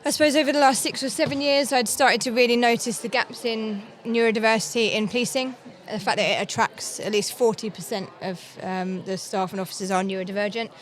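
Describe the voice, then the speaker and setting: A middle-aged English woman with a London accent, talking as an interview guest, friendly and quick to laugh. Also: a little high, steady tone. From England. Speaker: guest, founder of a police dyslexia network. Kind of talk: conversational interview. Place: conference floor.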